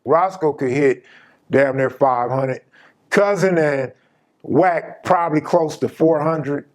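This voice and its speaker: A man hosting his channel, casually telling a personal story in an emphatic, slang-heavy way. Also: a little high.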